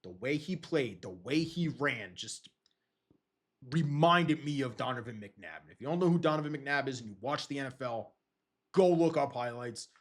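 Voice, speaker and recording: A young man hosting a podcast, rambling through casual sports talk in an excitable way and swearing freely. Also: medium pitch, normal speed. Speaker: podcast host.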